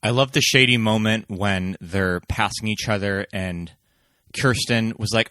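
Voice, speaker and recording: A man's voice: fairly low pitch, measured pace, sharp tone, no room sound, studio quality. A man co-hosting a film podcast, chatting enthusiastically and backing up his partner. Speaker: podcast co-host. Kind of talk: casual film discussion.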